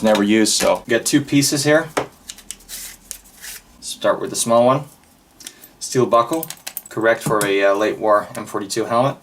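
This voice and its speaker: A man's voice: mid-range voice, slight background noise. A man narrating a hands-on restoration in a hot room, muttering, sighing and straining while he works. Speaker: vlogger restoring a helmet. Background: background music.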